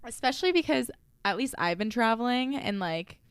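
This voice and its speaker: A woman's voice: fairly high pitch, expressive, moderate pace, clear, resonant tone, no room sound. A young woman co-hosting a podcast in casual chat, laughing and saying "like" a lot. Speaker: podcast co-host. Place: lives in Boston.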